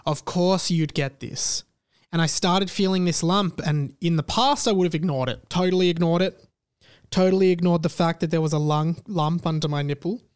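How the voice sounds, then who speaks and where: A man's voice: a little high, brisk, smooth, dry recording, clean studio sound. A young man hosting a podcast, telling a personal story in a casual, rambling, self-deprecating way and acting out the people in it. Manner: rambling, self-deprecating, animated retelling with quoted dialogue. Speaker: podcast host.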